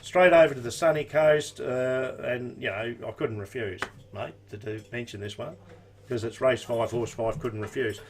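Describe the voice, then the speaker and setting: A man's voice: mid-range voice, moderate pace, a little hiss or hum. An Australian man giving horse racing tips and odds in an easygoing live-stream chat, full of casual slang. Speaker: racing tipster.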